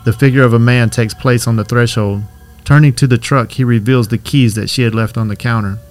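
A man reading a horror story aloud as scripted narration, in a steady, even way. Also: medium pitch, brisk, soft background music.

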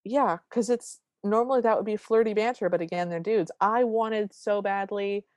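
A woman's voice: mid-range voice, moderate pace, no room sound. A woman co-hosting a podcast, retelling a movie scene by scene in casual chat and acting out the characters' lines. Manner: animated retelling with quoted lines. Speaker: podcast co-host.

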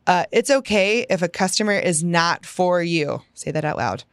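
A woman's voice: lowish voice, lively intonation, moderate pace, clean tone, dry recording. A woman business coach hosting her own podcast, giving an enthusiastic, emphatic motivational talk that often checks in with "right?".

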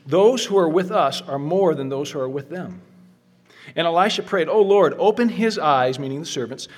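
Middle-aged guy preaching, slightly high husky voice, earnest, leans hard on repeated lines. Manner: earnest, builds emphasis with slow repeated phrases. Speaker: pastor. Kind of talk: sermon.

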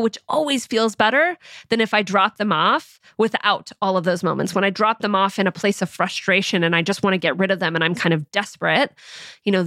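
The podcast host, a woman in her thirties, has a mid-range voice captured at studio quality without echo. She keeps things relaxed and chatty, often saying "you know" and letting out light, soft laughs.

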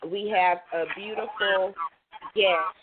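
A woman's voice: medium pitch, fairly even intonation, slow pace. A woman with a Southern American accent, hosting an online radio show in a chatty, upbeat way. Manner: chatty, laughs off technical trouble. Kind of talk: casual call-in radio hosting. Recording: tinny phone line with faint hiss.

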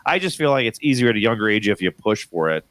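A man in his thirties, a father and co-host, telling a family story in casual chat with lively delivery. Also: fast, no room sound. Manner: animated, acts out his daughter's voice in high squeals.

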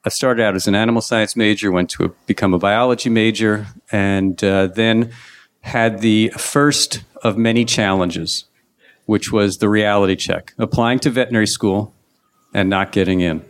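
Middle-aged male vet guest from Long Island, lowish voice, wry anecdotal storyteller, dry sound. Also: fairly even intonation, normal speed, dry recording. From Long Island, New York. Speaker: veterinarian guest. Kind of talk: casual interview chat.

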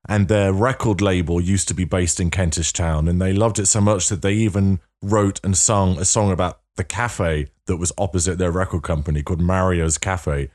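A man's voice: deep voice, steady tone, moderate pace, few pauses, a little mellow. A man with a North London accent hosting a podcast interview in a wry, playful way. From England. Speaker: podcast host.

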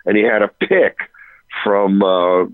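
A man, a touring rock musician, telling an animated anecdote on a radio interview, breaking off and restarting as he goes. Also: lowish voice, takes it slowly, clean tone, dry recording, narrow, tinny audio. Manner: animated, self-interrupting, chuckling storyteller.

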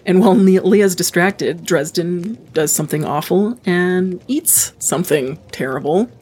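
A woman's voice: lowish voice, unhurried, a little mellow, a little hiss or hum. Woman reading and summarizing a book.

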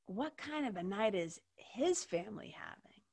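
A woman's voice: medium pitch, sing-song, moderate pace, gravelly, a little mellow, breathy edge. A woman hosting an interview, telling a personal story in a candid, emotional way, swearing freely and leaning on "like". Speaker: podcast host.

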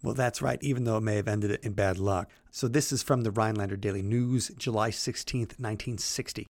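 A man co-hosting a podcast, reading old newspaper clippings aloud in a brisk, animated way and chatting loosely in between. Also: on the low side, creaky, dry recording, clean studio sound. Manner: reads quotes in a brisk, animated way, then chats loosely. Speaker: podcast co-host.

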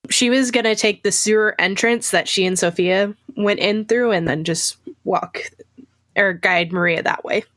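A woman describing her character's actions in a tabletop game, relaxed and easygoing. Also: medium pitch, moderate pace, no room sound. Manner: relaxed, laughs often. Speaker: player. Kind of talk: casual tabletop play.

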